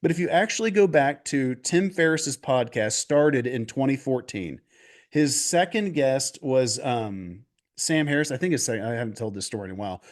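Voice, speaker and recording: A man guest on a video call interview, telling stories in a casual, animated way and acting out quotes. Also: mid-range voice, normal speed. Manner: animated, restarts and acts out quotes. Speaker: golf coach guest.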